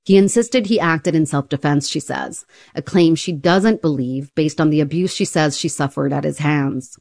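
A woman radio reporter delivering a news story in a clear, even reporting style. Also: low-pitched, moderate pace, dry recording, clean studio sound.

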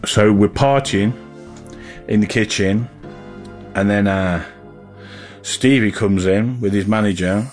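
A man's voice: on the low side, slow, pauses often, a little mellow, faint music behind. A man, a musician, telling a story in a casual interview, chatty and rambling with lots of fillers and restarts.

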